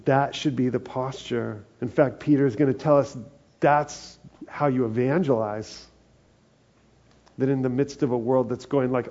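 A man's voice: medium pitch, steady tone, measured pace, a little mellow, dull audio. A man preaching a sermon as pastor, earnest and building to emphatic peaks.

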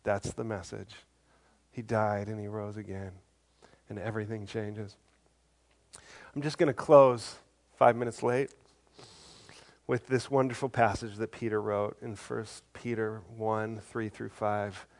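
A man's voice: on the low side, level tone, a little slow, long pauses, darkish tone. A man preaching a sermon in a conversational, earnest way, acting out the voices of the people in his stories. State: briefly choked up. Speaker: pastor.

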